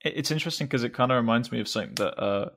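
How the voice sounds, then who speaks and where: A man's voice: mid-range voice, very fast, vocal fry, fairly bright tone. English man rambling through an anecdote. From England. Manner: rambling with frequent restarts and fillers, chuckling often. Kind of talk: casual conversational anecdote.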